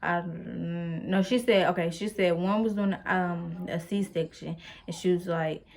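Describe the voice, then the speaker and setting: A woman's voice: on the low side, fairly even intonation, a little slow, vocal fry, darkish tone. A young woman telling a personal story in a casual, rambling way, full of fillers and playful asides to the viewer. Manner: chatty, rambling, with many fillers. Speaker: vlogger.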